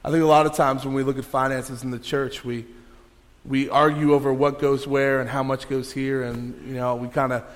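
A man's voice: medium pitch, flat delivery, moderate pace. A male pastor preaching a sermon in a conversational way, with many fillers and restarts. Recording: long hall reverb.

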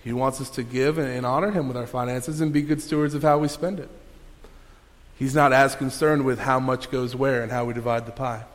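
Man preaching in a reverberant hall. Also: a little high. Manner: conversational, halting with many fillers and restarts. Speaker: pastor. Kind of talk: sermon.

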